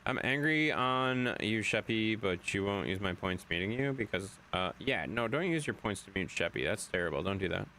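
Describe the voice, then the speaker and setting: A man's voice: low-pitched, animated, a little fast, hardly any pauses, a bit bright, slight background noise. A man streaming a game late at night, reading chat aloud in a chatty way, swearing now and then.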